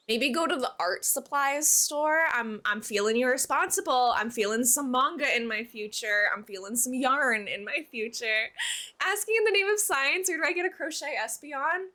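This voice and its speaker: A young woman with a high, bright voice chats casually on a live stream from her room at home. Her pitch swings widely, and she is giggly with hiccups, slipping into baby talk for her cat. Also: expressive, normal speed.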